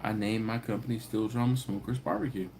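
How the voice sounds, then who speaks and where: A man's voice: lowish voice, brisk, gravelly, darkish tone, slight background noise. A man hosting a live stream. He talks casually with viewers, tells stories, laughs often and acts out the people he quotes. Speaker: host of a live barbecue channel stream.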